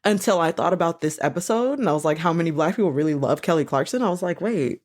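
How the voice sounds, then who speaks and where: A woman hosting a podcast in casual chat, animated, swearing now and then and breaking into bits of songs. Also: fairly low pitch, fast talker. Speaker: podcast host.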